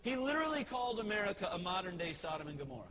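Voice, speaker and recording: High-voiced Texan pastor preaching. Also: male voice, big pitch swings, very fast. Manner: conversational storytelling with frequent fillers. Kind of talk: evening sermon. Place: church sanctuary. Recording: clear background noise.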